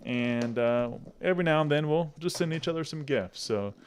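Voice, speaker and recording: A man's voice: on the high side, moderate pace, clear, resonant tone. Middle-aged guy hosting an unboxing, chatty and upbeat, laughs a lot. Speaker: channel host. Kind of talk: casual unboxing chat.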